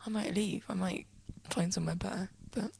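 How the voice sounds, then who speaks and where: A teenage girl from England chatting casually in a vlog, rambling and giggling, often trailing off into soft whispery asides as she sits at home. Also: medium pitch, steady tone, a little fast, creaky, slight background noise, poor audio. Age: teens. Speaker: vlogger answering a friend's questions. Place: indoors, at home, sitting on a desk.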